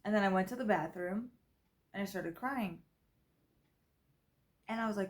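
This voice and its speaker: A woman's voice: mid-range voice, normal speed, pauses often. Tired rambling young woman vlogging. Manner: rambling, filler-heavy, self-correcting. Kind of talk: casual personal vlog. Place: grandmother's house.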